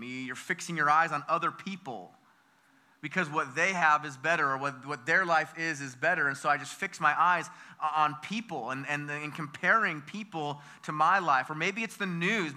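An American pastor with a high, bright voice delivers an energetic sermon. He fires call-and-response questions at the congregation, repeating words and restarting phrases.

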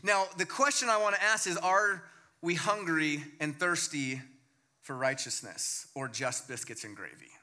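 A man preaching a sermon as pastor, emphatic and swinging between loud points and hushed low lines. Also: measured pace.

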